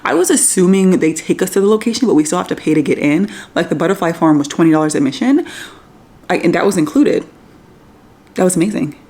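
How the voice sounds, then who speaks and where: A woman's voice: on the low side, expressive, fast talker, mellow. A woman in her thirties vlogging from a hotel room, talking casually to her viewers in a chatty, rambling way full of fillers. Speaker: travel vlogger. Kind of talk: casual vlog talk to camera.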